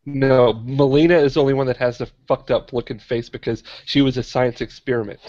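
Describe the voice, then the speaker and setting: Blunt, foul-mouthed podcast co-host. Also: male voice, medium pitch, level tone, fairly quick, a little mellow, dry recording, dull audio. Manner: blunt, swears freely. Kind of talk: casual gaming chat.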